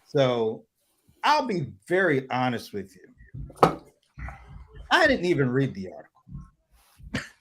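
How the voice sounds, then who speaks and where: Male host, casual livestream chat, rambling, lots of ums, chuckling, video call sound, mid-pitched voice. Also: huge pitch swings, takes it slowly, pauses often, a bit bright. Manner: rambling, filler-heavy, chuckling.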